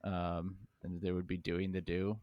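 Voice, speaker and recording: Low-voiced teasing podcast man. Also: monotone, a little slow, dry recording, muffled recording. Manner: asks questions, teasing. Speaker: podcast co-host. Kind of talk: casual chat.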